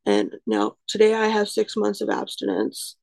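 A woman's voice: medium pitch, sing-song, normal speed, creaky, a little mellow, low-quality recording. A woman in her twenties gives a candid personal testimony in a frank, self-deprecating way, rambling with lots of "you know" and "um". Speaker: recovery speaker sharing her story.

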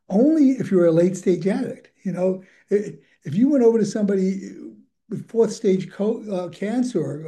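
Older male recovery speaker, very mellow dark tone, slightly high pitch, candid and rambling. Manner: candid, rambling, chuckles often. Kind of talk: personal recovery share.

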